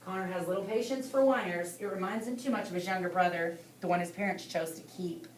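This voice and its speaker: A woman's voice: fairly low pitch, fast talker, hardly any pauses. Woman narrating with an echoey sound. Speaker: audiobook narrator. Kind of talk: scripted narration. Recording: echoey room, distant mic, faint hiss.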